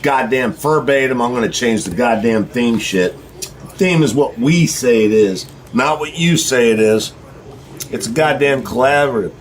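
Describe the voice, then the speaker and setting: A man's voice: mid-range voice, normal speed, a little hiss or hum. A middle-aged man with a drawl delivering a blunt, profane ranting monologue to his viewers. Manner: blunt, heated, swearing freely. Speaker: vlogger.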